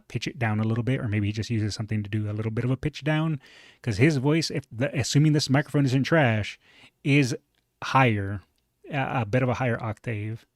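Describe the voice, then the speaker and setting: A man with a moderately deep voice reacting to a video in a relaxed, chatty way, thinking aloud with fillers. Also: dry recording, clean studio sound. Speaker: reaction streamer. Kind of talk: casual reaction commentary.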